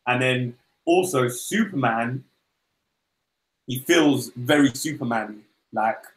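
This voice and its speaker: A man's voice: medium pitch, slow. Rambling man chatting in an echoey room. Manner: rambling, acts out comic dialogue in goofy voices. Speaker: podcast co-host. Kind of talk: casual comic book chat.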